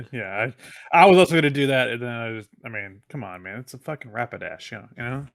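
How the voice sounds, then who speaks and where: A man's voice: medium pitch, lively intonation, a little fast, creaky. A man co-hosting a casual gaming podcast, giggling through his jokes. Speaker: podcast co-host. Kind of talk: casual chat.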